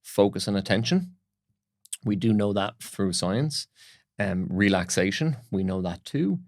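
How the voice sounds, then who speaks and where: A man who is a breath coach, speaking as a podcast guest in a calm, instructive way with anecdotes. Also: on the low side, measured pace, creaky, dry recording, clean studio sound. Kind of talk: explanatory interview talk.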